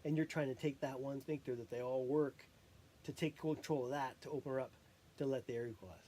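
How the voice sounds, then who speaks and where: A person rambling through a self-recorded monologue, halting and often breaking into laughter while catching their breath. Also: mid-range voice, warm tone, slight background noise.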